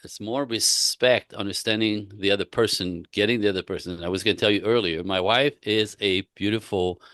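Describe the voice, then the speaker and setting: Low-voiced man coaching with emphatic repetition. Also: brisk, no room sound, clean studio sound. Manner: emphatic, repetitive, animated storytelling. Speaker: relationship coach. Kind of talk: casual interview talk.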